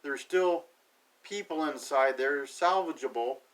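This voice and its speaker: A man with a slightly high voice runs through an episode recap, dry and sarcastic, tossing off loose paraphrases of what everyone says. He sounds set back from the microphone, so the voice carries a little distance. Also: a little slow, fairly bright tone. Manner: sarcastic, paraphrases characters offhandedly. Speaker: TV episode reviewer.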